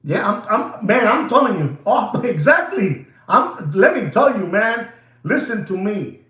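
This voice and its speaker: A man's voice: high voice, unhurried. A man hosting a watch channel, ranting theatrically to his viewers and slipping into asides. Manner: excitable, theatrical, slips into Spanish asides. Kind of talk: animated rant to viewers. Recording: roomy echo.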